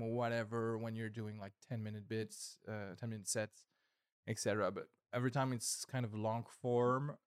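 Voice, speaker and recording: Man, comedian, casual chat, relaxed, hesitant, fillers, dry recording. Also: medium pitch, smooth, no room sound.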